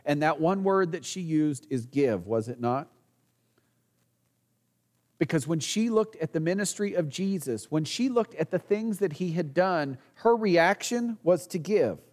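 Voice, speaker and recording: A man's voice: fairly high pitch, expressive, unhurried, darkish tone, big-room sound. A man preaching a sermon as pastor, earnest, asking the congregation rhetorical questions and sometimes restarting a phrase.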